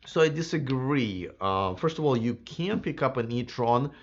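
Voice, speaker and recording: A man hosting a live electric car stream, answering viewer comments in a casual, chatty way, slightly hoarse. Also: medium pitch, lively intonation, normal speed, muffled recording. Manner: casual and chatty, many fillers and restarts. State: slightly hoarse, losing his voice.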